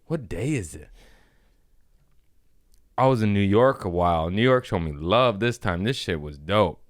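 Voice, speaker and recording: A man with a low voice hosts a loose solo podcast, rambling, cursing freely and laughing often. The sound is dry and close, with no room around it. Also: animated, a little slow, dry recording. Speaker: comedian and podcast host. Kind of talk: casual solo podcast monologue.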